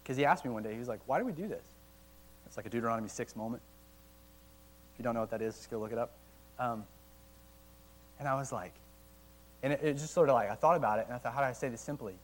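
A man giving a casual, conversational sermon to young adults, animated at times and slowing down to read old quotes aloud. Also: medium pitch, a little hiss or hum, rough recording. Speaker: college ministry teacher. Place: church meeting room.

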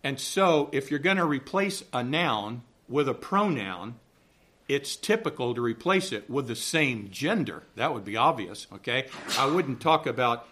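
His medium-pitched voice has a slightly bright quality. Speaking with a Southern American accent, he leads a Bible lecture for a church Sunday school class, chatty and reassuring, frequently asking "okay?".

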